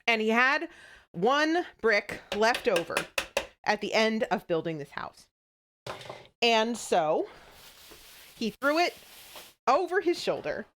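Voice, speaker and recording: A woman streamer telling jokes to a live chat, rambling and giggling, with plenty of stops and restarts. Her voice sits a bit high. It swings up and down with lots of life. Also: big pitch swings, slow, long pauses, fairly bright tone, slight background noise.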